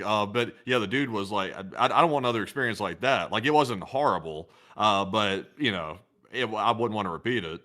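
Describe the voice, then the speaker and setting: A man's voice: fairly low pitch, fairly quick, hardly any pauses, fairly bright tone. A man co-hosting a livestream, telling rambling anecdotes full of fillers and reading viewer messages. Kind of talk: casual chat.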